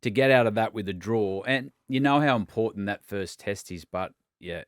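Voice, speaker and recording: An Australian man in his forties, co-hosting and recalling old matches in relaxed, chatty talk. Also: on the low side, normal speed, no room sound, studio quality. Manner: says "mate" a lot, restarts, animated storytelling. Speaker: co-host, former Australian wicketkeeper. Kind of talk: casual podcast chat.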